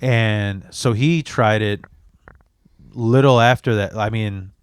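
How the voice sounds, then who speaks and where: Man in his 30s, podcast host, crude animated storyteller, dry close mic. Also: fairly low pitch, takes it slowly, smooth, no room sound. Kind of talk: casual storytelling chat.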